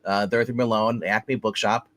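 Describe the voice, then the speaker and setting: A man co-hosting a movie review show, talking casually in a rambling, halting way and often restarting his sentences. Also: on the low side, steady tone, fairly bright tone, no echo.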